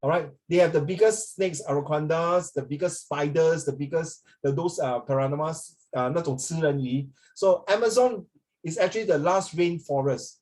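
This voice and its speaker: Rambling male English teacher, somewhat high-pitched, keeps checking in with the class and code-switches to Mandarin. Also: normal speed, a little mellow. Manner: rambling, often checks in with students; mixes in Mandarin phrases. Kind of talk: classroom lecture.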